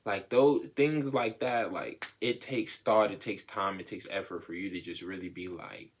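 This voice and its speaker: Slangy young man, fairly low voice. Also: normal speed, a little hiss or hum. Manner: animated, slangy, acts out quoted voices. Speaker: podcast co-host. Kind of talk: casual relationship talk.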